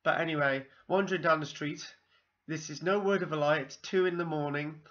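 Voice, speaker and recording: A Welsh man tells a wandering story to camera, stopping often for ums and side remarks. His voice is bright and sits a little high. The recording sounds dull and lo-fi. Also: fairly even intonation, brisk. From South Wales. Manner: meandering, full of ums and asides. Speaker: vlogger. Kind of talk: rambling personal anecdote.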